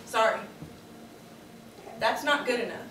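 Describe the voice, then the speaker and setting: A cruel husband who taunts and demands in a cold, mocking way, voiced by a woman. The voice is fairly high. It sounds roomy and distant, with a faint hum behind. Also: slow pace. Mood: taunting. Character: cruel controlling husband, grown man, taunting. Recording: roomy, distant camera mic.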